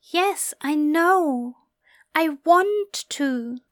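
Aziraphale, a woman doing a soft high angel man. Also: expressive, very slow, dry recording, studio quality, heavily acted. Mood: earnest, tender. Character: earnest gentle male angel, shy and eager.

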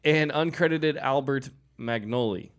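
A man's voice: medium pitch, measured pace. A man co-hosting a podcast in casual chat, reading out film details and stumbling over names.

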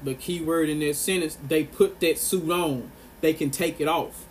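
A man's voice: on the high side, moderate pace, a little hiss or hum. Earnest man delivering an impassioned monologue. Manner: earnest and emphatic, repeats phrases for stress. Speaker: vlogger.

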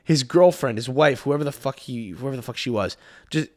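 A male podcast host rants at a middling pitch, swearing freely as he rambles from point to point. He stammers through many restarts, doubling back on his words as he goes. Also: a little fast, darkish tone. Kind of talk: casual rant.

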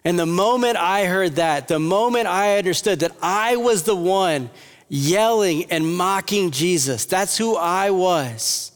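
A man's voice: sits high, unhurried. A man preaching an earnest sermon as a pastor, rising at times to impassioned appeals. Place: church hall with audience. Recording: long hall reverb.

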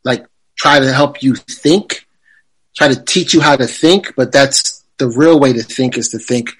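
Husky-voiced man musing casually. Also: medium pitch, a little slow, a bit bright, rough recording. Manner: reflective, rambling, with many fillers and restarts. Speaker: podcast guest. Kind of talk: casual conversation.

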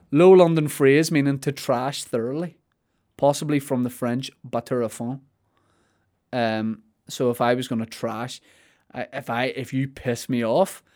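A man's voice: mid-range voice, darkish tone. A man, a comedian riffing playfully through a podcast monologue with plenty of swearing.

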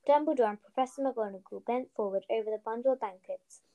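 A woman co-hosting a podcast, reading a children's novel aloud with steady storytelling and a few slips. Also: fairly high pitch, fast talker, few pauses, poor audio. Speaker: podcast co-host, reader.

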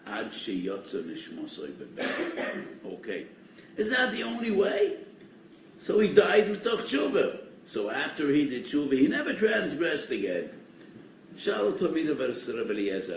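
An older man giving a Torah lecture as a rabbi, animated and emphatic, mixing in Hebrew and Yiddish terms. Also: fairly low pitch. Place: study hall. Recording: echoey hall, distant mic, faint noise.

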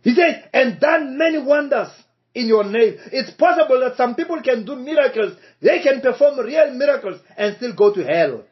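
A male preacher delivers a sermon in a high, animated voice, speaking slowly and emphatically and repeating key phrases. The recording is dull, muffled and lo-fi.

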